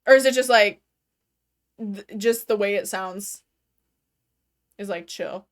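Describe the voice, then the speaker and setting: A woman's voice: mid-range voice, takes it slowly. A young adult woman chatting casually from her bedroom while streaming a game, talking loosely and swearing freely, with lots of "like" fillers. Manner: loose and profane, full of "like" fillers. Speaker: gaming streamer.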